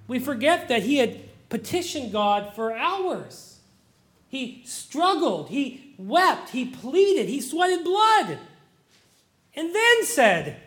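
A middle-aged man delivers a sermon with a notably high-pitched voice. He drifts between hushed, reflective asides and surging, impassioned stretches where he acts out pleading prayers. His delivery is expressive and heartfelt. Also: unhurried. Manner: swings from quiet musing to loud impassioned pleading. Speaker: pastor.

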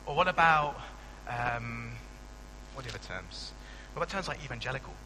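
A young man, a pastor giving a conversational sermon with animated asides and frequent restarts. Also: medium pitch, brisk, in a large hall, slight background noise, poor audio. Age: young adult.

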